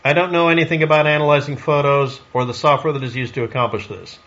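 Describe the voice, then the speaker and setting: A man's voice: medium pitch, fairly even intonation, fast talker, fairly bright tone, lo-fi sound. A man delivering a solo commentary monologue in a snarky, sarcastic way, firing off rhetorical questions. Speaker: online commentator.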